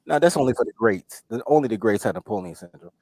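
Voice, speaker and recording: A man telling a story on a podcast in casual chat, animated and profane, loudly quoting himself. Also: fairly low pitch, fast talker, no room sound. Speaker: podcast host.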